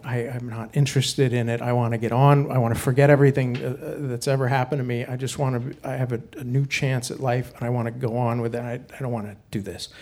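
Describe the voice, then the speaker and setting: A man telling a true personal story on stage, wry and animated, acting out the people he quotes. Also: mid-range voice. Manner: wry, animated, quotes others in their voices.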